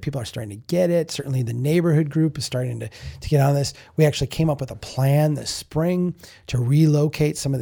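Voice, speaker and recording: A podcast host telling a candid, self-reflective story in a casual monologue, often restarting and repeating words. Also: male voice, mid-range voice, creaky, mellow, slightly rough. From Minnesota.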